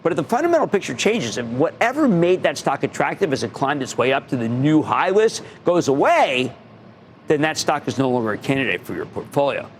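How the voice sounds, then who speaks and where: A man's voice: a little high, sing-song, brisk, a little hiss or hum. A middle-aged man hosting a stock market show, giving emphatic investing advice and repeating words for punch. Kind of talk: energetic investing advice monologue.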